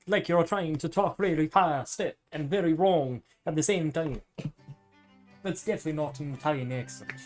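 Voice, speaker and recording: A man streaming live while cooking, chatting in a casual, rambling way and swearing freely. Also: a little high. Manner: rambling, profane, loose.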